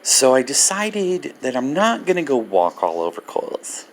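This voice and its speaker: Gravelly older man telling a story. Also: medium pitch, measured pace, slight background noise. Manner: animated, laughing storyteller. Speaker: Christian ministry vlogger. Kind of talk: personal storytelling testimony.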